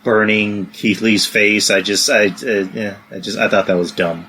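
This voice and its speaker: A man co-hosting a podcast in casual chat, hesitant and halting as he speaks. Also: on the low side, fairly even intonation, bright, forceful tone, husky. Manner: hesitant, full of restarts and fillers. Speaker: podcast co-host.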